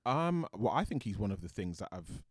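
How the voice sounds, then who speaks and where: A man's voice: fairly low pitch, sing-song, fairly quick, dry recording, clean studio sound. A British man, an actor guest, chatting thoughtfully in an interview and often restarting his sentences. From Britain. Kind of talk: casual interview chat.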